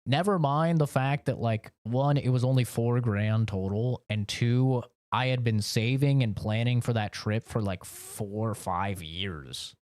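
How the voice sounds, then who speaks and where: A man from the United States talks casually on a game stream from his home office. He rambles and curses as he rants, in a voice of middle pitch. The recording is dry and close, with no room echo. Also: unhurried, few pauses, a little mellow. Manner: rambling, profane, ranting. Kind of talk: casual chat while streaming.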